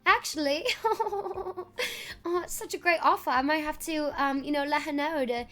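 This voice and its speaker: Woman voicing a posh female assistant, haughty, fussy, airy, raised pitch. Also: normal speed, sharp tone.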